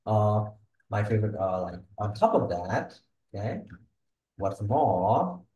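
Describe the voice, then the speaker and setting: A man giving one-on-one pronunciation feedback as an English speaking tutor. His voice is mellow and dark, and he checks in constantly with short questions while he models words for the student. The recording has a roomy echo. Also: fairly low pitch, very animated, takes it slowly, dull audio. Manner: coaching, models pronunciation, checks in with "yeah?" and "okay?". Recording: echoey room.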